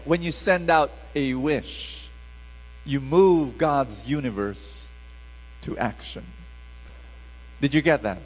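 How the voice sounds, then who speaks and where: A middle-aged man, preaching a sermon in an animated call-and-response style. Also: medium pitch, takes it slowly, long pauses, in a large hall, a little hiss or hum, rough recording.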